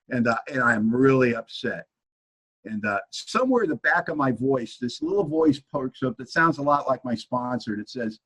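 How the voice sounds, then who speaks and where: A man speaking at a recovery meeting, telling his story with animated storytelling and acting out both sides of an argument. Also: medium pitch, normal speed, slightly rough, muffled recording. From Washington state, US.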